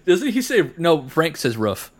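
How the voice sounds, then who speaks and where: A man's voice: mid-range voice, lively intonation, brisk, fairly bright tone. A young American man from Florida hosting a podcast, chatting casually, laughing often and slipping into joking voices. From Florida, United States. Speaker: podcast host. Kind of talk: casual chat.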